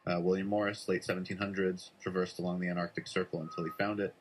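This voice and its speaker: A man's voice: low voice, little pitch movement, fast talker, a little hiss or hum. A man casually telling a conspiracy tale, rambling with lots of "like" and "um" as he goes. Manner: rambling, full of "like" and "um". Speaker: storyteller. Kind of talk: casual conspiracy storytelling for social video.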